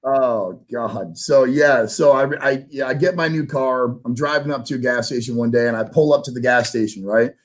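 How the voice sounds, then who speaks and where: A man, a guest sales trainer, telling a story in a casual interview, animated and swearing casually as he acts out dialogue. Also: mid-range voice, moderate pace, hardly any pauses.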